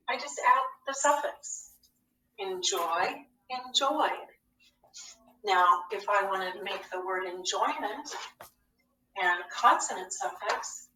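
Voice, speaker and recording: A woman's voice: mid-range voice, sharp tone, far from the mic, a little hiss or hum. A woman teaching a phonics lesson to young children. She speaks patiently, asking questions and answering them herself. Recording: echoey classroom, voice from off the mic.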